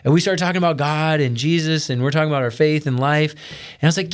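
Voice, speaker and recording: A man's voice: on the high side, fairly quick, smooth. A man co-hosting a casual chat, earnestly retelling a family story and quoting his own thoughts. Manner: earnest, retelling with quoted self-talk. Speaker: podcast co-host.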